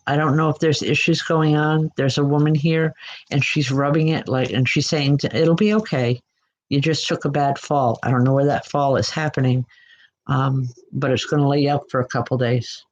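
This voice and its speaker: A woman working as a spiritual medium, giving live online readings in a gentle, halting way and addressing viewers by name. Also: low-pitched, a little hiss or hum. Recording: muffled lo-fi audio with music behind.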